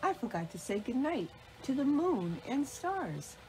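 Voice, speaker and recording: A bouncy little sea otter pup, as a woman reading a bedtime storybook puts her on, chirping high and bright. She sounds eager and excited. Her voice climbs well above a normal speaking voice. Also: a little slow, a little hiss or hum, poor audio. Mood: delighted.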